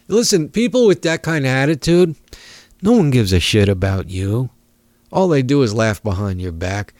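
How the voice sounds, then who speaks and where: A male talk radio host rants with sarcasm, chuckling often as he rambles along. His pitch swings in a lively way. The sound is dry and close. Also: normal speed, dry recording.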